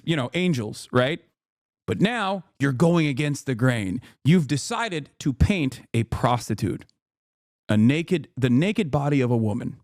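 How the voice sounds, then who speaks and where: A man's voice: fairly high pitch, no room sound, clean studio sound. A man streaming a reaction video, ranting casually and emphatically, swearing often and checking in with "okay?". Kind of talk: casual profane rant.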